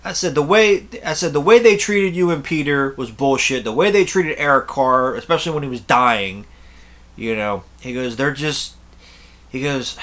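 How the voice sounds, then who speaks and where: A man's voice: mid-range voice, normal speed, a bit bright. A young man telling a rambling, blunt story to camera in a casual way, swearing freely. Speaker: concert reviewer.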